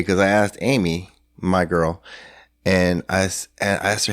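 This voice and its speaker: A middle-aged man from San Antonio with a deep, low voice tells a story in loose, casual talk. He rambles, trips over restarts and jumps into other people's voices. The sound is dry and close. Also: fairly even intonation, measured pace, no echo. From San Antonio, Texas. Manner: rambling, lots of fillers and restarts, acts out dialogue. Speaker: podcast guest. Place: hotel room.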